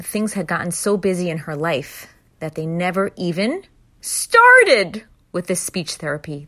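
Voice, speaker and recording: A woman's voice: fairly low pitch, a bit bright. A woman telling an earnest, heartfelt personal story to an audience of women, stressing her points with emphasis. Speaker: inspirational storyteller addressing women.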